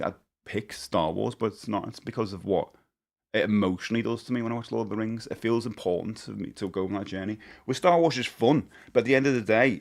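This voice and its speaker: A man's voice: lowish voice, a little mellow. A man chatting casually on a live stream, rambling and joking, laughing often. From United Kingdom.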